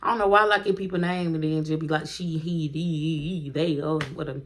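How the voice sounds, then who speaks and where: A woman with a slightly low voice tells a storytime for her vlog, speaking straight to her viewers. She is animated and chatty, swears freely and laughs often along the way. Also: a little fast. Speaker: vlogger.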